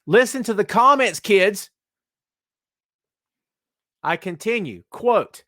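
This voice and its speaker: A man's voice: high voice, very animated, normal speed, a bit bright, no room sound, studio quality. A man hosting a wrestling podcast, giving emphatic, opinionated commentary and calling his listeners "kids". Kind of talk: opinionated live-stream commentary.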